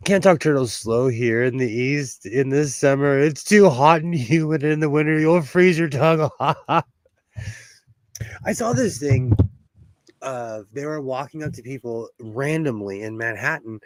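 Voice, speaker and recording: A man from California hosting a sewing livestream, telling stories in a playful, animated way with plenty of laughter. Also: mid-range voice, unhurried, no room sound. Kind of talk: casual chat.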